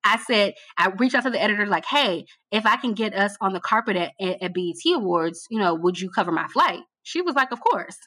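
A woman being interviewed about her work as a TV producer, telling her story in a casual, animated way and repeating phrases for emphasis. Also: medium pitch, fairly quick, few pauses, no room sound. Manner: colloquial, addresses listener as girl. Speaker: guest, TV producer.

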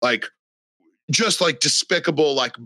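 A man's voice: fairly high pitch, a little slow, pushed and bright, dry recording. A man talking in a casual podcast chat, rambling and profane with lots of fillers.

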